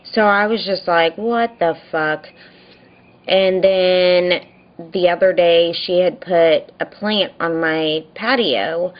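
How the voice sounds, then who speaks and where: A woman's voice: lowish voice, dull audio. A woman vlogger venting in a rambling, frustrated daily video diary, telling a story by quoting what she and others said.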